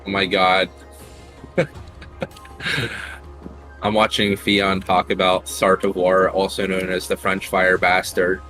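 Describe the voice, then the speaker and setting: A man from Ohio leading a game raid over voice chat, giving clear instructions and laughing easily. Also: deep voice, completely flat delivery, takes it slowly, pauses often, pushed and bright, faint music behind, rough recording. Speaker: raid leader. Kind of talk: gaming voice chat.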